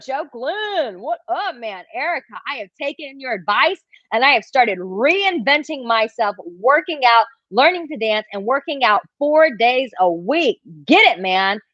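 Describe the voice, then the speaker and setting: A woman dating coach talking casually on a livestream, reading out viewer comments and answering them in an animated, chatty way. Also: sits high, unhurried, few pauses, dry recording, highs cut off. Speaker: dating coach answering live chat questions.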